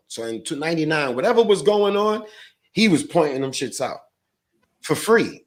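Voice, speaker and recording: A man's voice: on the high side, big pitch swings, moderate pace. A man guest on a podcast, a stock trader, talking in a slangy, profane, rambling way. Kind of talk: casual podcast chat.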